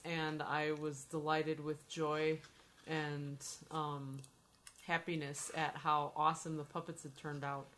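A woman's voice: low-pitched, a bit bright. A woman hosting a podcast, telling a story in casual, playful chat and teasing her co-host. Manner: chatty, playful, swears and teases.

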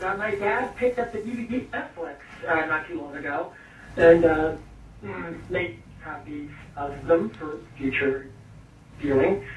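A man's voice: high voice, a bit bright, a little hiss or hum. A man leaving a loose, chatty voice message with fillers and asides. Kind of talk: casual voicemail. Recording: message played over a speaker, distant and echoey.

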